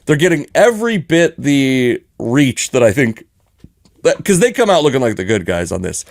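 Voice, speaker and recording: A man in an easygoing sports podcast chat, wandering through his points with restarts and little chuckles. His voice sits at a middle pitch, recorded dry and close with no room sound. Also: very animated, normal speed, dry recording. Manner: rambling, joking, frequent restarts and chuckles. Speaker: podcast co-host.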